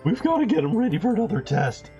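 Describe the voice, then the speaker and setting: Man putting on a nerdy lab minion, very high cracking voice, animated delivery, faint music behind. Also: fast talker, gravelly, full character voice. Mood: anxious.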